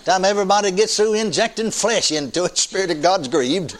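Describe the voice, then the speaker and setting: Older male preacher, folksy and animated sermon, fairly high voice that swoops widely. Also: a little fast. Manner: folksy, animated, laughing often with the congregation.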